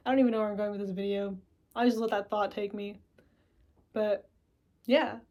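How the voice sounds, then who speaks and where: A woman vlogger talking to camera in a loose, reflective monologue. Her voice sits at an ordinary middle pitch, and she rambles with plenty of swearing. Now and then she acts out her own inner thoughts. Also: fairly even intonation, normal speed, darkish tone.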